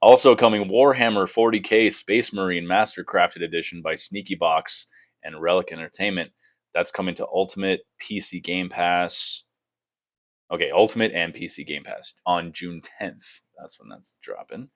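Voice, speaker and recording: A young man with a deep voice hosts a laid-back gaming podcast at a moderate pace. He's loose and profane, laughs a lot, and reads game blurbs out loud.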